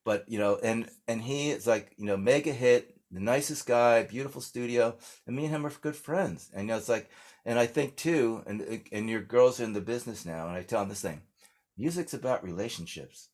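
A man's voice: mid-range voice, fairly quick, a little mellow. An older American man, a singer-songwriter, chatting casually in an interview and telling rambling stories with lots of restarts. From United States. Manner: rambling storyteller, many restarts and fillers.

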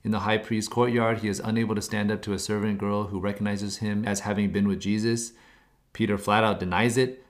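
A man with a low voice gives a devotional reflection. His voice often drops into a gravelly fry, and he speaks earnestly, pressing his listeners with searching questions. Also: fairly quick.

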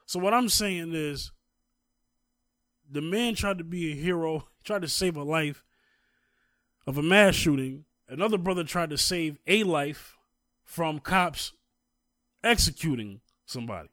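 A man's voice: fairly high pitch, expressive, measured pace, long pauses, fairly bright tone, no room sound, studio quality. A man co-hosting a casual talk, recounting a story at length and growing emphatic as he goes. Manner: storytelling, grows heated and emphatic. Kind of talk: casual conversation.

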